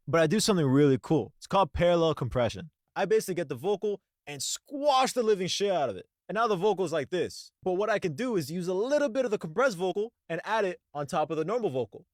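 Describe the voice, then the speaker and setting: A young man with a fairly high voice explains his studio work in a slangy, excitable way. His voice is captured dry and close, with no room sound. The tone is a loose, casual tutorial. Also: no echo. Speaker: music producer. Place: home studio.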